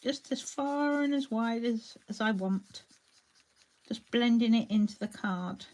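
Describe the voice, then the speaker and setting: A woman's voice: fairly high pitch, unhurried, darkish tone. A woman hosting a live crafting tutorial, chatting along and greeting viewers by name as she paints. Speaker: crafting demonstrator.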